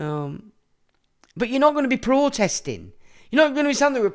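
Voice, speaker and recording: A man's voice: high voice, huge pitch swings, fairly quick. A middle-aged man, hosting a livestream and ranting in a blunt, profane, rambling monologue. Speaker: livestream host.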